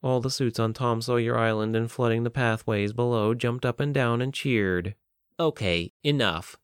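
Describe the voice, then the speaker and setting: Clear-voiced male audiobook narrator. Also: mid-range voice, steady tone, moderate pace, no room sound, studio quality.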